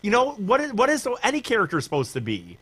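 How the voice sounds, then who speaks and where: A man's voice: sits high, huge pitch swings, fast talker, a bit bright, husky. A man co-hosting a casual podcast, searching for words and trailing off mid-thought. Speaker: podcast co-host.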